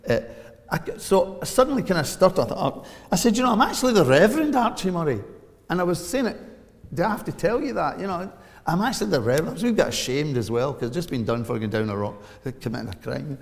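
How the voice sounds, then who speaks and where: Scottish pastor, forties, animated storyteller, long church echo. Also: male voice, vocal fry. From Scotland. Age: 40s. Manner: storytelling with big swings of pitch and volume. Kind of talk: sermon.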